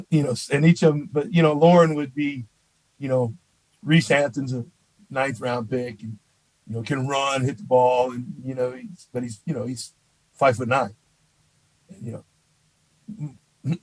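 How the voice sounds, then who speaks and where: A man who is a college baseball head coach, a podcast guest telling stories in a casual, animated way and filling his talk with "you know.". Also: medium pitch, no room sound, poor audio. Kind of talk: casual storytelling in an interview.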